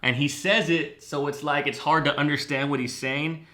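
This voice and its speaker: A man's voice: on the high side, fairly even intonation, moderate pace, pushed and bright. A man casually breaking down a song's lyrics as a music YouTuber, eager and swearing freely. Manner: enthusiastic, swears freely, reacts with hums and ooh sounds. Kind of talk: casual song breakdown commentary.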